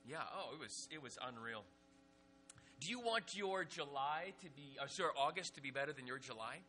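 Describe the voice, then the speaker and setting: Guy preaching, funny camp stories, really bright tense voice, kinda high. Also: a little fast, faint music behind. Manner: lively anecdotes with many fillers and restarts. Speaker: pastor. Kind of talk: humorous sermon storytelling.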